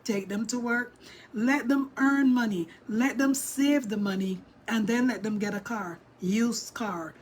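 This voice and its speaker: A middle-aged woman vlogger telling a story to her viewers, animated and emphatic, speaking straight to them. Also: on the high side, unhurried, slight background noise.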